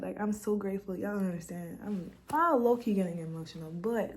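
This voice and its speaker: A woman's voice: mid-range voice, fast, hardly any pauses, a little mellow, slight background noise. A young woman from Quebec, a vlogger sitting at home at her laptop, telling a personal testimony in a candid, heartfelt and chatty way. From Quebec, Canada.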